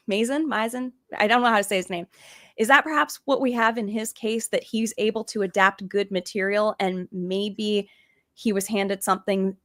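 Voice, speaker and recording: A woman hosting a casual podcast discussion, chatty and full of questions for her guest. Her voice sounds dry and close, with no room echo. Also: medium pitch. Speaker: podcast host.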